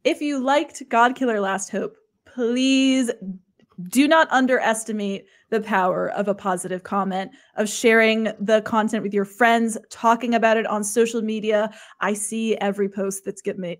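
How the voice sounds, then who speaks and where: A woman's voice: mid-range voice, fairly even intonation, moderate pace. A woman who produces and performs in a tabletop show, speaking earnestly and pleading with viewers to support it in a casual panel interview. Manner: earnest, pleading, warm thanks.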